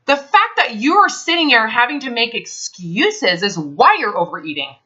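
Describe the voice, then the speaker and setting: Blunt, animated woman counselor, bright voice. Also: a little high, normal speed. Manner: blunt, profane, emphatic. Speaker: health advisor. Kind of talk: confrontational counseling session. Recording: dull lo-fi recording.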